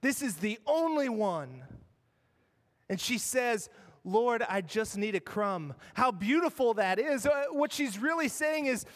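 A man preaching a sermon as pastor, earnest, moving between raised passages and hushed ones. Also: very high voice, lively intonation, a little slow, in a large hall. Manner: earnest, dramatic shifts between loud and hushed. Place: church.

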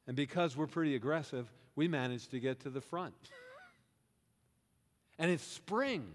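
A male pastor preaches in a church sanctuary, animatedly retelling a scripture story as if his congregation were there, using "we" and asking them questions. His voice is on the high side and unhurried, echoing in the reverberant hall.

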